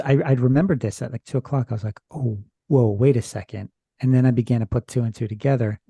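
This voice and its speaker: A man's voice: medium pitch, creaky, mellow, breathy edge, no room sound, clean studio sound. A man who is a podcast guest, retelling a strange experience from his notes in a rambling, hesitant, casual way. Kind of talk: casual storytelling chat.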